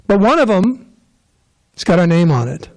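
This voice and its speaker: A man's voice: high-pitched, big pitch swings, normal speed. A man giving a casual scripture class, rambling and joking with digressions. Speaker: temple class speaker.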